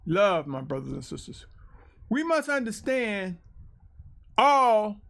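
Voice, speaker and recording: A man preaching a sermon and reading scripture aloud, earnest and emphatic, with drawn-out pauses. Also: high voice, sing-song, creaky, a bit bright.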